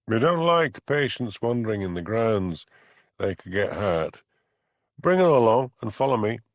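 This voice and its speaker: A man's voice: lowish voice, big pitch swings, a little slow, no echo. A man doing a cold, impassive orderly. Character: impassive male nursing-home trainer, cold and curt.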